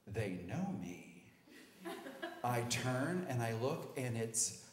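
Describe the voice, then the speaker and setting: Animated man telling a story on stage. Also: mid-range voice, takes it slowly. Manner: animated, self-mocking, acts out scenes. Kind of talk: personal story told live on stage. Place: stage at a live storytelling show. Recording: echoey hall, live stage.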